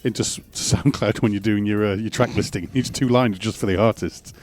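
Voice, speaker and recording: A man co-hosting a casual music show, bantering and joking quickly. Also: lowish voice, steady tone, a little mellow. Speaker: podcast co-host. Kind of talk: casual chat about music.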